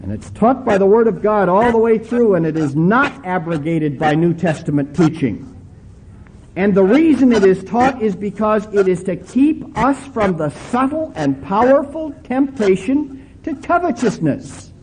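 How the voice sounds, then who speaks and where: A man preaching from the pulpit, stretching key words slowly for emphasis and slipping into homespun storytelling. His voice sits high, yet it sounds mellow and warm. A faint hum of ambient noise lies under his voice. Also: expressive, rough recording. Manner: emphatic preaching with slow, drawn-out stresses; folksy storytelling. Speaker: pastor. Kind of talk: sermon.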